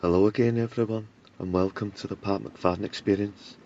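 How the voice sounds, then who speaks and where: A man playing an awkward, put-upon male politician hosting a talk show, in a dry, deadpan comedy sketch. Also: lowish voice, brisk, muffled recording, noisy background, natural voice.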